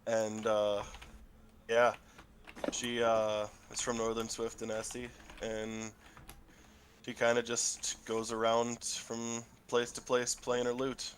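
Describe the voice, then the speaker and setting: A man's voice: mid-range voice, monotone, slow pace, a little hiss or hum. A man with the flu, stuffy-nosed and coughing, introducing his tabletop game character in a hesitant way with lots of filler words. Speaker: player.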